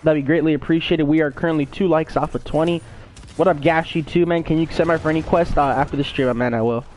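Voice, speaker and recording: A man's voice: fairly high pitch, steady tone, quick pace, a little mellow, a little hiss or hum. A young man live-streaming a game, casually greeting his viewers by name over a gaming headset.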